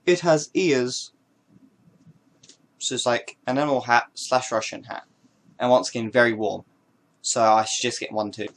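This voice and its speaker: A man's voice: mid-range voice, fairly even intonation, moderate pace, pauses often. A man talks straight to camera in a loose, jokey show-and-tell, wandering off into silly asides. His voice sits in a plain middle register. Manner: playful, rambling, jokey asides. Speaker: vlogger.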